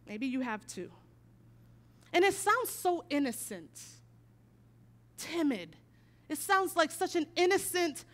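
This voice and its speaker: A woman preaching a sermon, telling a personal story and moving from hushed, quiet passages to emphatic declarations. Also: sits high.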